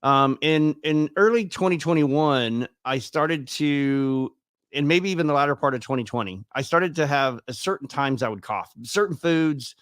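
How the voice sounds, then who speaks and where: A man's voice: fairly high pitch, moderate pace, fairly bright tone, smooth, dry recording, studio quality. A man in his fifties telling his own story as an interview guest, chatty and acting out the dialogue he quotes. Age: 50s. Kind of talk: casual personal storytelling.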